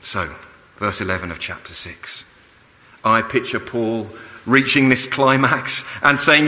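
A man preaching a sermon, animated and rising in pitch when he quotes the apostle. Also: a little slow, long reverb tail.

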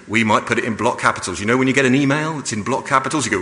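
A man preaching a sermon, animated and rising in pitch when he quotes the apostle. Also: normal speed, in a large hall.

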